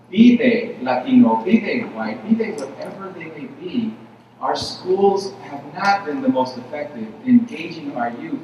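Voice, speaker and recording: Delivering a conference keynote in a large convention hall, a man speaks conversationally to the audience, repeating phrases and using lots of fillers. His voice is a little high, the background is noisy, and the distant mic picks up an echoey hall.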